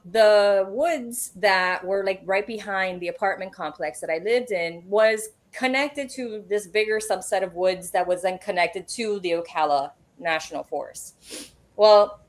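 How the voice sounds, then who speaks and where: Woman medium telling a creepy story on a podcast, animated, swears a bit, middle pitch. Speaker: guest medium. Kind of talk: casual storytelling interview.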